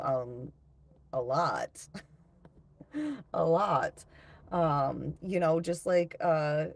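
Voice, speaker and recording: Low-voiced blunt woman livestreaming. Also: a little mellow, dry recording. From United States. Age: 30s. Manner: profane, blunt, laughing often, reading chat aloud. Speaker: tarot reader on a livestream. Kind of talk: casual livestream chat.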